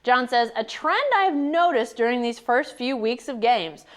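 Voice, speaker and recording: A woman's voice: a little high, lively intonation, a little slow. A woman co-hosting a casual sports talk show, reading listener questions and answering in a conversational way.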